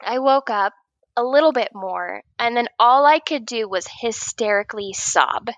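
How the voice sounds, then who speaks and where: A woman in her thirties telling a funny personal story in casual chat, laughing often and acting out her own yelling. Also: on the high side, unhurried, no echo. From Oregon. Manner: animated, laughing, acts out her own shouting. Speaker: guest writer.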